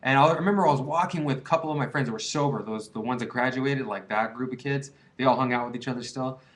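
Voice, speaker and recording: Speaking quickly in a mid-range, slightly bright voice, this twenty-something vlogger offers advice on quitting straight to camera. His confessional, rambling delivery is loaded with slangy fillers such as "dude," "man" and "like."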